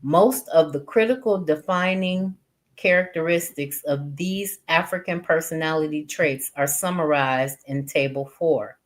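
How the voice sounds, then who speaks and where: A woman with a low voice reads a text aloud slowly, pausing between phrases and adding her own comments as she goes. Her delivery is unhurried and deliberate. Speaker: reader and teacher.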